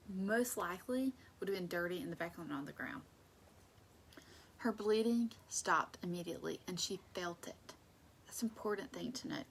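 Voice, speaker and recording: Gravelly low-voiced woman teaching scripture. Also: a little hiss or hum. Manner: conversational and emphatic, with dips into soft asides. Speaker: Bible study teacher. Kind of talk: casual Bible teaching.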